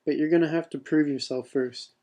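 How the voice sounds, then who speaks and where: A hulking male bounty hunter leader, as a man reads him aloud, barks his words in loud bursts. The tone stays mellow and rather flat in pitch. It sounds like a homemade story reading. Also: a little fast, close to an everyday voice. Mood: excited. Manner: loud blurting outbursts.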